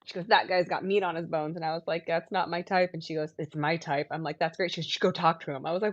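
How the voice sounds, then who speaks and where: A woman's voice: sits low, fast, hardly any pauses, dry recording, dull audio. A woman in her thirties telling rambling stories in casual chat, acting out what people said. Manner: rambling storyteller, acts out quotes in lively voices.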